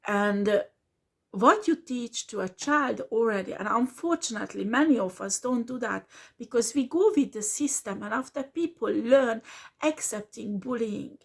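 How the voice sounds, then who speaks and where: A woman gives a casual tarot reading. Her voice sits fairly high, and she takes her time, speaking slowly and earnestly and repeating her points. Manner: earnest, repeats herself, slips into French words. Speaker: tarot reader.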